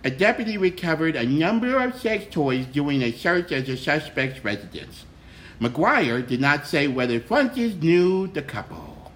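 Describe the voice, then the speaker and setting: A man's voice: fairly high pitch, big pitch swings, unhurried, low-quality recording. A man hosting a casual comedic chat, reading odd news stories and teasing his co-hosts. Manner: wry, teasing, laughs along. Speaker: host.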